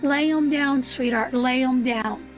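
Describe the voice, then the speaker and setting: A tarot reader, a woman with a high-pitched voice, does a live reading at a measured pace over soft background music. She's soothing yet emphatic and earnest, repeatedly calling the listener "sweetheart" and swearing now and then.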